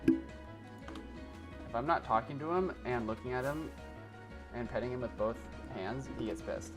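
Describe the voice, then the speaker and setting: A man's voice: mid-range voice, unhurried. Exasperated young man streaming a game. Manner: exasperated pleading, talking to his cat. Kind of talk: casual live-stream chat while gaming. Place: home gaming desk. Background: game music.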